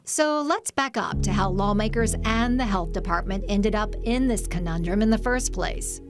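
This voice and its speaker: A woman with an American accent narrating a news report in a measured, clear way. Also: medium pitch.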